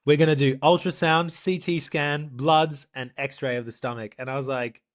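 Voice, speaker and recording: A young man, a professional triathlete, co-hosting a podcast and telling a story in a lively, animated way, acting out what people said. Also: a little high, normal speed. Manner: animated storyteller, acts out quotes, laughs often. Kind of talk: casual storytelling chat.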